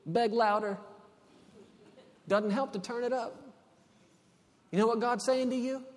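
A man with a high voice preaches to a congregation in a big hall, and long reverb trails after every line. He moves between hushed, intimate passages and loud, emphatic ones. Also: fairly even intonation, measured pace. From Texas. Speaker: pastor. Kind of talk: sermon.

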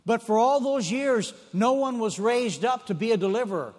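A man's voice: very high voice, lively intonation, moderate pace, a little mellow, long reverb tail. A man preaching a sermon, retelling stories in a folksy way and repeating phrases for emphasis.

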